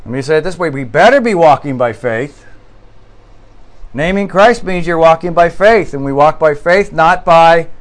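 A man's voice: a little high, expressive, normal speed. Earnest male pastor preaching. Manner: earnest, emphatic, with restarts and rising stress on key words. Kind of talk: sermon.

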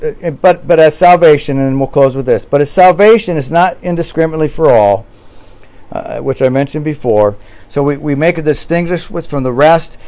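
A male pastor preaching a sermon in an earnest, emphatic way, pressing hard on key words and often restarting his phrases. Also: mid-range voice.

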